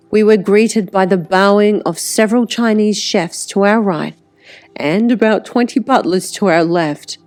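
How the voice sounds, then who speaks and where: A woman narrating an audiobook in the first person, unhurried, sometimes dropping to a breathy whisper. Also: on the low side, a little mellow.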